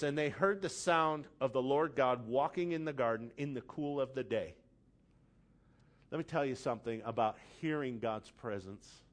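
A middle-aged man preaching a sermon as pastor, passionate, dropping to hushed tones and rising to loud emphatic lines. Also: medium pitch.

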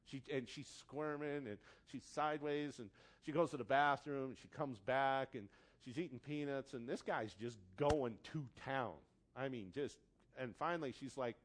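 A man preaching a sermon in a conversational, storytelling way, acting out quotes and rising to loud emphasis. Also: medium pitch, moderate pace. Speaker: pastor.

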